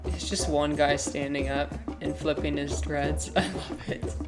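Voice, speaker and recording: A woman's voice: low voice, flat delivery, unhurried, loud music behind the voice. A woman hosting a casual livestream, chatting in a rambling way as she reacts to footage, swearing and laughing easily. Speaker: livestream host.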